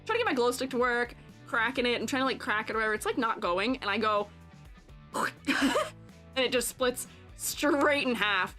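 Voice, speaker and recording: A young woman streamer telling a rambling, animated story, laughing often and acting out voices. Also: fairly high pitch.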